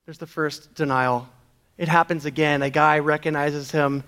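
A man's voice: fairly high pitch, steady tone, normal speed, a bit bright, clean tone. A man preaching a sermon, earnest, with rhetorical questions. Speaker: pastor.

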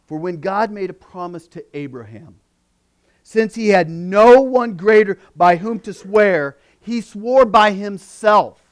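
A man preaching a sermon, reading scripture aloud and building to loud, emphatic peaks on key words. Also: high-pitched, slow pace, smooth. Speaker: pastor.

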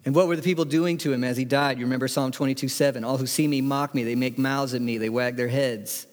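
A man's voice: mid-range voice, steady tone, fast talker, big-room sound. A man preaching a sermon, reading scripture aloud with emphatic delivery. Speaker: pastor.

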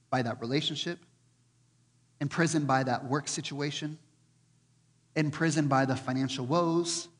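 A man preaching a sermon as pastor, animated and dramatic, acting out quotes with sudden loud bursts. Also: a little high, long reverb tail.

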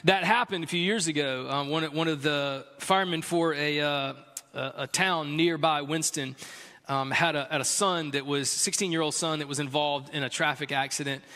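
Bright-voiced pastor preaching in a hall. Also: male voice, fairly high pitch, steady tone, moderate pace. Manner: candid storytelling, conversational with many fillers. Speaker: pastor and chaplain. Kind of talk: sermon. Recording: long hall reverb.

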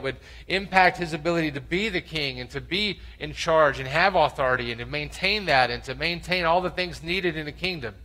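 A man's voice: a little high, fairly quick, hardly any pauses, bright, forceful tone, poor audio. A man preaching a sermon, reading scripture aloud and acting out its voices with passion. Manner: impassioned, acts out voices in scripture. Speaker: pastor.

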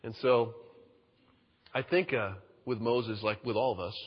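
A man's voice: on the low side, moderate pace, breathy edge. A pastor giving a conversational sermon, acting out the people he quotes. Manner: conversational, acts out quoted voices. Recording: dull sound in a reverberant hall.

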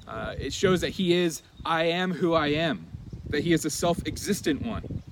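A pastor preaching an earnest sermon to his congregation, stressing key words with deliberate pauses. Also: a little high, background noise.

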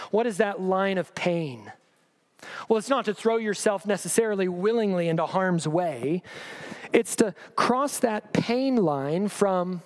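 A man preaching a sermon, reading scripture aloud with pointed sarcastic emphasis and pressing the listeners with rhetorical questions. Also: sits high. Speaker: pastor.

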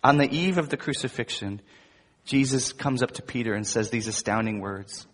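A male pastor delivers a sermon with emphatic force, dropping at times to hushed, intimate asides. His voice is slightly husky, and it rings out with a long reverb in a large hall. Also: mid-range voice, normal speed. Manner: emphatic preaching with wide swings between loud emphasis and soft asides.

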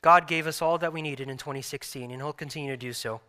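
A man in his thirties, a pastor preaching a sermon earnestly, repeating phrases and restarting softly. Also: fairly high pitch, quick pace.

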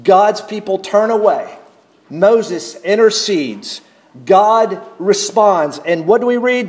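A man preaching in a church sanctuary with a high voice and an unhurried, emphatic delivery. He leans on single words and pauses between them. The room echoes around him. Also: lively intonation. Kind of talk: expository sermon.

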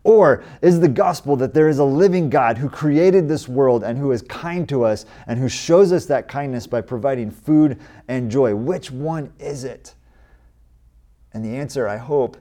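An American pastor in his forties speaks in a medium-pitched, warm voice at normal speed. His sermon is conversational, with his voice lifting emphatically as he quotes scripture.

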